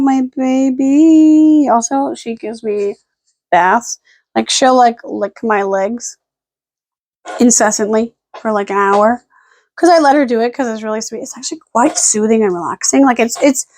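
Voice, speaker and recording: A rambling young woman vlogging from home late at night, her voice sitting a bit high for a woman. She talks in a loose, frazzled way and slips into cooing baby talk for her dogs now and then. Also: darkish tone, a little hiss or hum. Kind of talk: casual late-night vlog chat.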